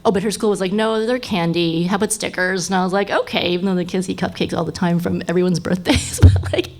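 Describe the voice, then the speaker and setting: A woman's voice: fairly low pitch, steady tone, fast talker, darkish tone. A woman in her thirties, a guest on a live podcast panel, talking casually with lots of fillers and frequent laughter.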